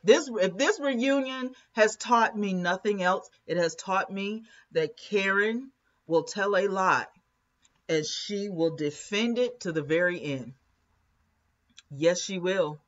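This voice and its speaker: A woman's voice: medium pitch, slow pace, dull audio. A woman hosting a live commentary stream, chatting casually, laughing often and reading viewer comments aloud.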